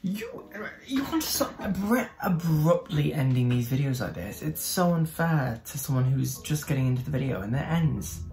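A man's voice: a little high, very animated, normal speed, hardly any pauses, a little mellow. A man hosting a music reaction video, chatting casually and laughing often as he exclaims at the clips.

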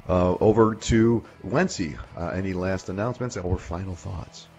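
A man's voice: low-pitched, moderate pace, a little mellow, lo-fi sound, faint music behind. A man hosting a casual veterans' radio roundtable, laid-back and a little stumbling as he hands over to each guest. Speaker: host.

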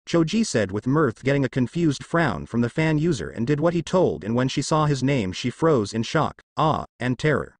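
A man reading a fanfiction story aloud as steady, scripted narration. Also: mid-range voice, moderate pace, hardly any pauses, no room sound.

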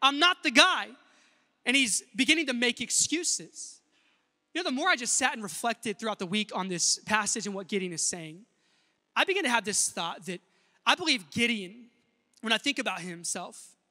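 A man's voice: sits high, lively intonation, normal speed, pushed and bright, in a large hall. A male pastor preaching an earnest sermon in a church and speaking directly to the congregation. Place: church sanctuary.

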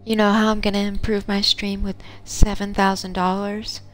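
A woman's voice: mid-range voice, little pitch movement, moderate pace, faint music behind. A woman streaming a game, chatting casually and teasing her viewers by name. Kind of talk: casual live-stream chat answering viewers.

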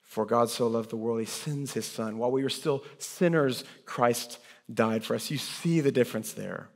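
A man preaches a sermon with earnest conviction, dropping to hushed lines and then rising in emphasis. His voice sits at an ordinary pitch for a man. It carries a long, lingering reverb from a church sanctuary. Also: creaky. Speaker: pastor.

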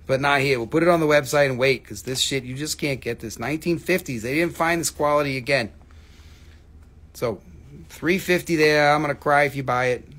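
A middle-aged man hosting a live-stream sale of rocks and minerals, talking in an excitable, hyping way and swearing freely. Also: on the high side, fairly quick. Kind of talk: live-stream sales chat.

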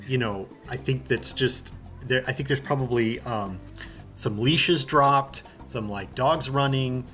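Male game master narrating a tabletop game, halting delivery, soft music under. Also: mid-range voice. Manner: halting, searching for words.

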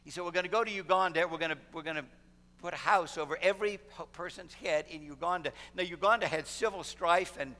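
A man's voice: a little high, a little fast, sharp tone. A middle-aged man preaching a sermon as pastor, telling a story and building to a fervent close. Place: church sanctuary. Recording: long hall reverb in a church sanctuary.

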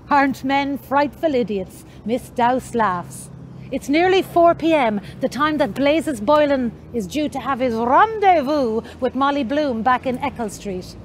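A woman introducing and reading a literary passage in a slow, explanatory way. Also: high-pitched, a little hiss or hum. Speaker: narrator.

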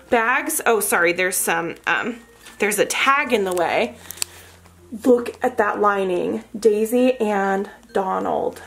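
A woman vlogger unboxing a haul, gushing with excitement and breaking into gasps and exclamations. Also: fairly high pitch.

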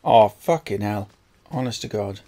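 A man's voice: fairly low pitch, lively intonation, unhurried, warm tone. A man narrating his own gameplay, swearing constantly and getting frustrated at the game. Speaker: gaming video creator. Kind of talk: let's play commentary.

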